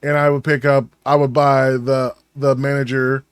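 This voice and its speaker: A man's voice: medium pitch, little pitch movement, moderate pace, clean tone, no echo, clean studio sound. A man co-hosting a podcast, telling rambling stories in casual chat and swearing freely. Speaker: podcast co-host.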